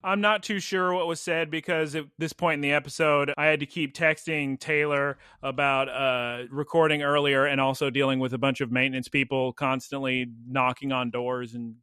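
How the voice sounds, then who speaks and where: A man's voice: medium pitch, little pitch movement, normal speed, few pauses, pushed and bright, smooth, no room sound, clean studio sound. A man co-hosting a podcast, casually recapping an episode in a chatty, joking way. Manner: chatty, jokey storyteller, playfully acting out characters' lines. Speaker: podcast co-host.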